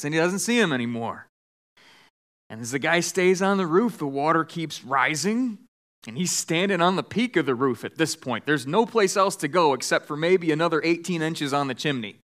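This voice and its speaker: A man preaching a sermon as pastor, telling a joke with lively voices for the characters in a church sanctuary. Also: on the high side, moderate pace. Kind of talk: sermon with storytelling.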